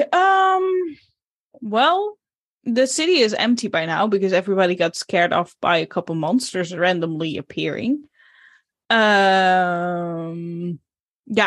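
A woman's voice: mid-range voice, no echo, clean studio sound. A woman speaking as her character in a tabletop role-playing game, hesitant with many fillers.

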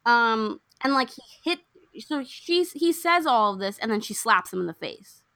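A young woman casually recapping a film plot, acting out the characters' lines with lively swings. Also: fairly high pitch, moderate pace, dry recording, studio quality. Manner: animated storyteller, acts out characters' lines. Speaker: podcast co-host recapping a film. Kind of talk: casual chat.

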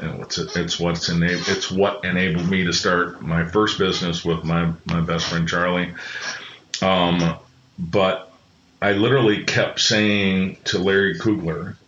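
A man's voice: low voice, level tone, measured pace, a bit bright. A middle-aged man, a podcast guest, telling earnest personal stories with many restarts. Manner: earnest, rambling with frequent restarts. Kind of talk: reflective personal storytelling. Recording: roomy, slightly muffled sound.

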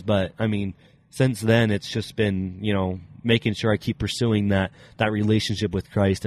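A man's voice: on the low side, no echo. A young adult man sharing a personal faith story as a podcast guest, earnest and rambling with many fillers. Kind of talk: casual personal testimony.

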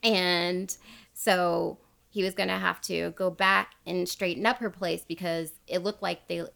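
Woman host, chatty storyteller, gravelly voice, laughs a lot. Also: lowish voice, fairly even intonation, a little slow, a bit bright. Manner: chatty, laughs often, quotes people as she tells. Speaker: podcast host retelling a true crime story. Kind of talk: casual storytelling chat.

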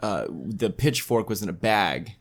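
A man's voice: fairly low pitch, expressive, a little slow. A young man hosting a casual podcast, talking with his mother in a laid-back, joking way. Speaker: podcast host. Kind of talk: casual family chat podcast.

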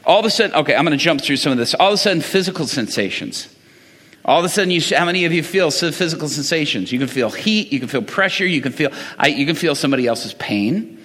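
A man's voice: a little high, fast talker, husky. A middle-aged man preaching a sermon as a pastor, telling stories in a conversational way and often laughing. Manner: animated, conversational storytelling with laughs. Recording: reverberant hall.

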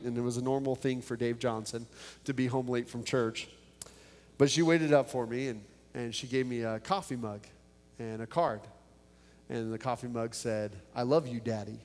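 A man preaching a sermon in a church, with earnest prayer and animated personal storytelling. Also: medium pitch. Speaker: pastor. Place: church building. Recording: long church reverb.

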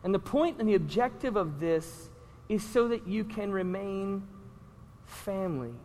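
A man preaching a sermon as pastor, animated and conversational, often checking in with the congregation. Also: high-pitched, a little slow, big-room sound, a little hiss or hum.

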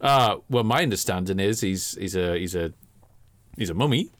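A man co-hosts a podcast, chatting with excitable energy and plenty of swearing. His pitch swoops widely from high to low. The sound is dry and close to the mic. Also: normal speed, dry recording. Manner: animated, enthusiastic, sweary. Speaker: podcast co-host. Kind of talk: casual chat.

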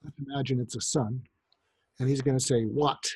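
A man's voice: medium pitch, brisk, slightly rough, no room sound. A man who counsels parents, giving advice as anecdotes and acting out the voices in his stories. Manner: animated storyteller, acts out quoted voices.

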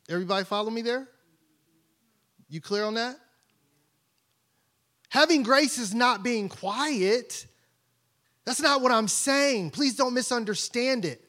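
A pastor with a notably high voice gives a loose, conversational sermon. He jokes and keeps asking the room if they follow him. His high register stands out even in casual talk. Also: unhurried, pauses often. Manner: conversational, playful, asks the congregation questions.

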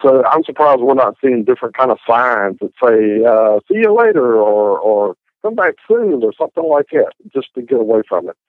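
A man's voice: mid-range voice, normal speed, few pauses, no room sound. A man on a casual panel, talking hesitantly with many stammered restarts. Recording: tinny phone-like sound.

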